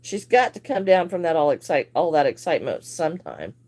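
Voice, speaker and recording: A woman's voice: low-pitched, big pitch swings, fairly quick, darkish tone. A woman hosting a casual crochet livestream, chatting and greeting viewers by name with frequent laughs.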